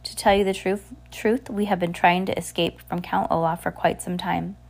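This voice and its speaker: A woman's voice: fairly low pitch, flat delivery, normal speed, creaky. A woman reading aloud and voicing a polite, composed teenage girl.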